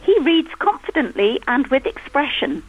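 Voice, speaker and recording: A woman's voice: high-pitched, big pitch swings, moderate pace. Teasing middle-aged Englishwoman on a dull line. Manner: amused, teasing storyteller. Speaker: landscape gardener, guest. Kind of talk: casual radio chat.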